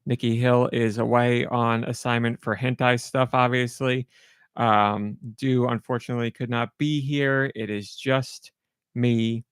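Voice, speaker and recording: A man's voice: medium pitch, little pitch movement, unhurried, clear, resonant tone, no echo. A middle-aged man hosting a podcast alone, chatting casually in a rambling, self-deprecating way into a close mic. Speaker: podcast host. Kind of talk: casual solo podcast chat.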